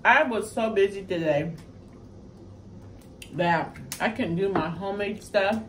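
A woman's voice: medium pitch, measured pace. Lady doing a home mukbang, says y'all a lot, mic kinda far off. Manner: relaxed, murmurs over food, addresses viewers as y'all. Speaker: mukbang channel host. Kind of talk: casual eating-show chat. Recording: distant mic with faint noise.

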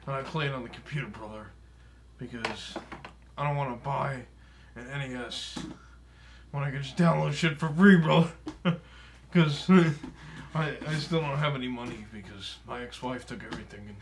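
A man's voice: mid-range voice, very noisy, close to an everyday voice. A man voicing a boastful, broke, aging male pro wrestler for comedic gameplay commentary, swearing often, chuckling and calling everyone brother or dude. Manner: tacks brother or dude onto nearly every phrase.

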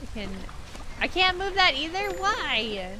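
A woman live-streaming a game in casual commentary, excitable and swearing freely, with yelled outbursts at the game. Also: very high voice, a little slow, background noise.

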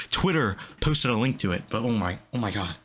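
A young man giving excited, breathless reaction commentary, stumbling over his words. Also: lowish voice, moderate pace, a little hiss or hum. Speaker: anime reaction YouTuber.

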